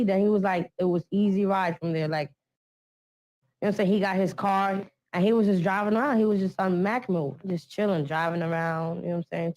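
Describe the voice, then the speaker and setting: A woman's voice: medium pitch, darkish tone, low-quality recording. A woman, a documentary interviewee, recounting events in blunt, slangy street talk and acting out what others said. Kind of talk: casual recounting.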